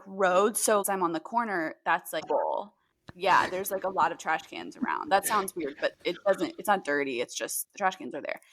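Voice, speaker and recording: A woman's voice: mid-range voice, a bit bright, dry recording. A woman in her twenties, co-hosting a podcast with her mother and chatting casually with many "like"s and "um"s. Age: 20s. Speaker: podcast co-host. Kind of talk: casual chat.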